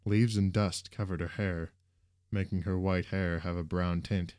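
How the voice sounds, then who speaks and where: A man narrating a story in a steady, even reading voice. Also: low-pitched, unhurried, clean tone, no room sound, studio quality.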